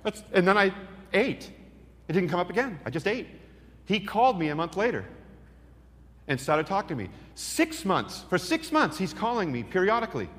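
A male preacher telling a story in a sermon, acting out the dialogue with lively energy. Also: high-pitched, moderate pace, long pauses. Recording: long hall reverb.

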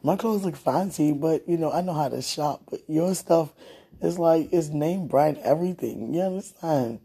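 A woman's voice: low voice, normal speed, dark tone, husky. A woman leaving a tender, teasing phone message for her partner, with the phone held close to her mouth. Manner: tender, sweet-talking, teasing.

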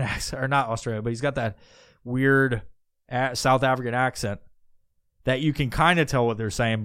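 The podcast host speaks in a mid-range voice, the sound clean and studio-made with no room noise. His monologue is casual and profane, wandering as he restarts lines and thinks out loud.

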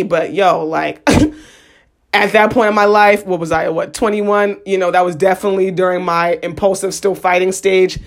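A young woman tells a story straight to the listener in loose, slangy talk. She is animated and jumps into the voices of the people in it. Her voice sits at a middle pitch. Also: normal speed. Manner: animated, slangy, acts out quotes. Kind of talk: casual storytelling monologue.

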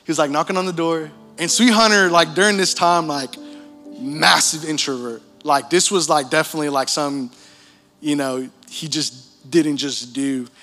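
Young male pastor, bright forceful voice, casual slangy storytelling, live church hall reverb. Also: on the high side, moderate pace, soft background music. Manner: animated storytelling, casual slang, laughs often. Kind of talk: sermon testimony.

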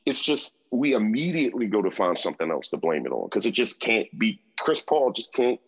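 Podcast co-host: man, low husky voice, blunt, swears freely, muffled lo-fi sound. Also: sing-song, a little fast. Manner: profane, emphatic, opinionated. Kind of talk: casual sports chat.

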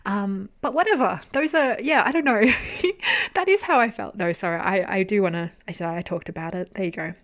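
A young woman talks through a drama's ending in a loose, chatty podcast ramble. Her voice sits at an ordinary middle pitch and is lively, quick to laugh, with the odd casual swear word. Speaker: podcast host. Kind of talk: casual drama review monologue.

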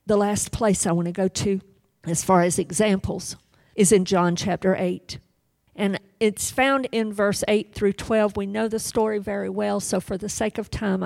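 A woman preaching a sermon with passion, rising to loud pleas and dropping to hushed whispers as she retells a scripture story. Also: mid-range voice, dry recording.

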